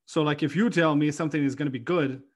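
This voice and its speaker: Chatty man, slightly high voice. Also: fast. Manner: rambling, animated storytelling with many fillers. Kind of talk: casual conversation.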